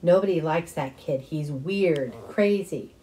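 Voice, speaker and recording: A woman's voice: low-pitched, takes it slowly, mellow. A woman voicing a young boy who mocks another kid. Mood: mocking. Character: sneering little brother, young boy.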